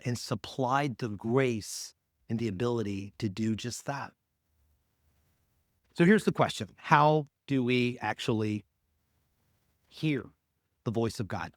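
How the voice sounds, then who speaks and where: A man's voice: mid-range voice, no room sound. Man preaching a conversational sermon, dry sound. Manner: conversational, emphatic preaching with sudden loud peaks and hushed drops. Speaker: pastor.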